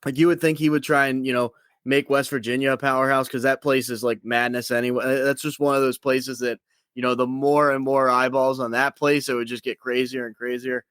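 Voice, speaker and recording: A man's voice: mid-range voice, level tone, brisk, fairly bright tone, smooth, no echo. A man talking as a guest on a casual sports podcast, hesitant and laid-back, with many restarts.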